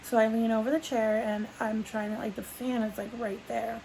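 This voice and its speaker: Gravelly-voiced woman rambling through a story. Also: on the high side, flat delivery, moderate pace, darkish tone, a little hiss or hum, low-quality recording. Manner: rambling, full of "like" fillers and restarts. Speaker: vlogger. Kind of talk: casual sit-down storytelling.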